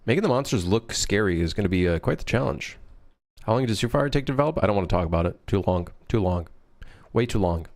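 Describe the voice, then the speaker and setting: A man developing a game on a live stream, chatting casually, joking and swearing as he thinks out loud. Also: lowish voice, lively intonation, fast talker. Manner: rambling, jokey, swears freely, thinks out loud.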